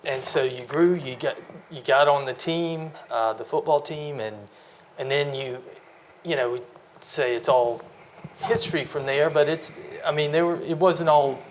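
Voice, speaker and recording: A man interviewing a guest in a halting way, restarting his questions. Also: on the high side, fairly even intonation, a little hiss or hum, rough recording. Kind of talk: casual interview.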